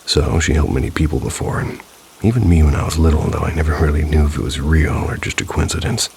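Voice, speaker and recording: A male narrator with a strikingly low, gravelly voice reads eerie first-person stories. He keeps a scripted, measured delivery broken by dry, wry asides. A faint hiss of rain runs underneath. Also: darkish tone. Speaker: storyteller reading viewer stories.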